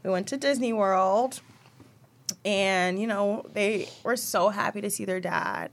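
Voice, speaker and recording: A woman's voice: mid-range voice, a little slow, creaky. A young woman co-hosting a podcast, talking candidly and emotionally about her children in casual chat, rambling a little as she goes. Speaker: podcast co-host.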